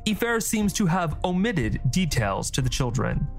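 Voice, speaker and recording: A man narrating a scripted fantasy story with a steady storytelling delivery. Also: on the high side, normal speed, gravelly, soft background music.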